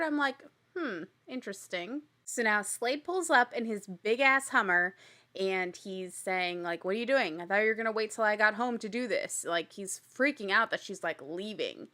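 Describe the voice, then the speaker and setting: A woman hosting a recap show, telling the story in a chatty, blunt way with casual swearing and animated exasperation. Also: a little high. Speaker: podcast host recapping a reality show.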